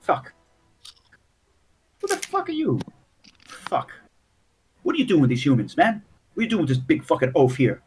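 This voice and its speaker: A man's voice: a little high, wildly swooping pitch, moderate pace, long pauses, a little mellow, a little hiss or hum, pitched above the performer's own voice. A man voicing jumpy, foul-mouthed male halfling gang members in a tabletop game. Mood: suspicious. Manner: profane, twitchy, tough-talking.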